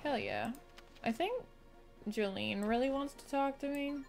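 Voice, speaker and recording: A woman's voice: sits high, measured pace, creaky. A woman streamer giving casual, profanity-laced commentary while playing a video game. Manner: swearing, animated and reactive. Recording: faint music behind.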